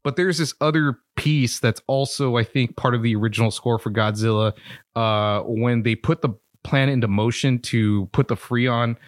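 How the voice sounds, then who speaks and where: A male podcast co-host giving his take on a film in relaxed, profane conversation. He hesitates a lot and laughs easily. His voice is mid-pitched and recorded close and dry. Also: moderate pace, no room sound. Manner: laid-back, profane, hesitant with fillers and laughs. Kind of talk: casual film review chat.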